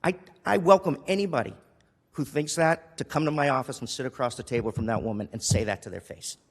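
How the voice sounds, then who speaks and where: A man's voice: mid-range voice, expressive, quick pace, slightly rough, big-room sound. Emotional man pleading at a council meeting. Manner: emotional, pleading, with restarts and repetition. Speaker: city councilor. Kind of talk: impassioned council meeting speech. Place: council chamber.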